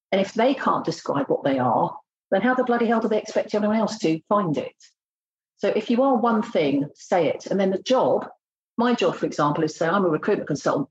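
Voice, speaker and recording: A woman's voice: fairly low pitch, darkish tone, highs cut off. A woman, a recruitment consultant talking bluntly and emphatically in a casual interview. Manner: blunt, emphatic, acts out exchanges.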